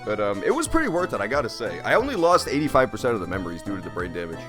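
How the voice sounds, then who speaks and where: A man's voice: lowish voice, huge pitch swings, racing, over music. A man giving casual, profane, rambling gameplay commentary while streaming. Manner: rambling, swears a lot, jokey. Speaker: let's play streamer.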